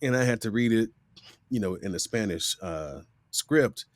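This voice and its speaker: A man's voice: fairly low pitch, normal speed, no echo. A middle-aged man from Miami, a voice actor guest telling stories in a casual interview and acting out the voices he quotes. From Miami, USA. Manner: animated storyteller who acts out quoted voices.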